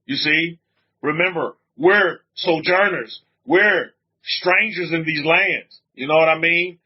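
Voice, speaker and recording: Speaking slowly in a slightly rough voice, a male rabbi drives his points home again and again during a livestreamed sermon, pausing to read chat comments. His pitch rises and falls often, and the recording sounds dull and lo-fi.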